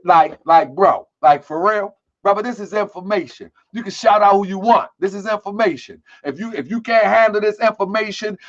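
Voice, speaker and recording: A man's voice: sits high, fairly bright tone. A man hosting an online commentary show, talking in a heated, repetitive way with streetwise slang. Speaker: host. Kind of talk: casual commentary. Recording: dull lo-fi sound.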